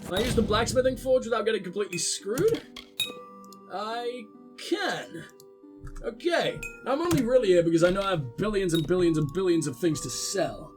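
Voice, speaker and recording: Young male gamer, high-pitched, sardonic and profane, casual playthrough commentary over light game music. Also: animated, moderate pace. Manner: sarcastic, swears often. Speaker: let's play gamer.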